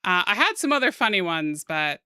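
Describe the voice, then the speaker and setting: A young American woman streaming while she draws, chatting casually with her viewers in a soft-spoken, giggly way. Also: lowish voice, very animated, a little fast, clean tone, dry recording, studio quality. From United States.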